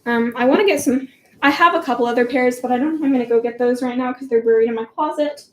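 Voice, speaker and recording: A woman's voice: sits high, fast talker. A teenage girl rambling in a giggly, chatty way while answering viewer questions on a casual livestream. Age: teens. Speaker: livestream host. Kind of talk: casual live Q&A chat.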